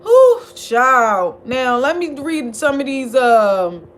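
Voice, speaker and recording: A high-pitched woman talks straight to her viewers in a loose, profane commentary vlog. She is sassy and blunt, and she scolds the people she discusses. She swings between mocking outbursts and quiet asides. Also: sing-song, slow. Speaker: commentary channel host. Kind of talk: casual profane gossip commentary.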